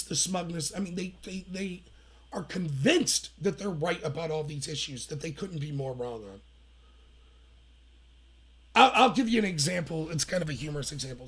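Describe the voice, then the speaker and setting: A man's voice: on the high side, fairly bright tone. Heated, sarcastic man hosting commentary. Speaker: political commentary host. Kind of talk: opinionated livestream commentary.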